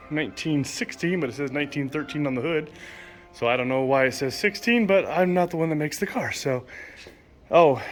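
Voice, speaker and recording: A man's voice: a little high, fairly bright tone. A man casually narrating a walk through a car museum, enthusiastically reading exhibit signs aloud and sometimes stumbling over names. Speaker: vlogger touring a car museum. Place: indoor car museum hall.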